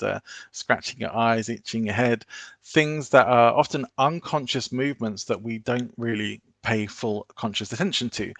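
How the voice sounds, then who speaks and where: A man presents an online business seminar, speaking in a steady, instructive manner. His voice has a gravelly texture in a middle register, and the sound is dry and close, with no room around it. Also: medium pitch, no room sound. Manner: instructive, measured, deliberate.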